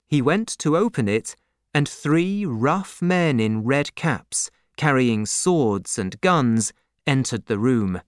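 Slow, expressive male storyteller. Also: medium pitch, no room sound, studio quality. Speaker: narrator. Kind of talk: audiobook narration.

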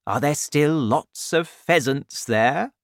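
A man voicing a kind village doctor over seventy for a storybook, who gets loud and worked up when outraged. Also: a little high, slow pace, dry recording, studio quality, voice pushed up. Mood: kindly. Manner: excitable, raises voice when outraged.

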